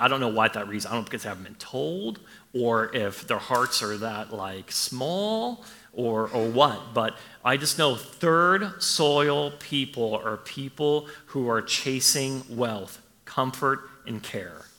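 A man's voice: medium pitch, sharp tone, long reverb tail. A man preaching a sermon as pastor, talking conversationally and repeating his questions for emphasis. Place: church.

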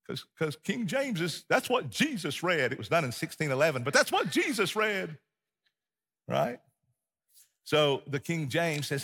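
Male pastor, sermon: bright, slightly raised voice with a husky edge, animated storyteller. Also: a little high, moderate pace. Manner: animated storyteller, acts out scenes, drops to quiet intensity.

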